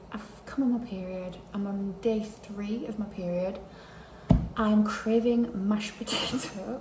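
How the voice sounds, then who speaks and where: Woman, thirties, diary vlogger, chatty and emotional, faint hiss on the track. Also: medium pitch. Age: 30s. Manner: chatty, emotional, drops to a hushed near-whisper at times. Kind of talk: casual diary vlog. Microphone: handheld camera.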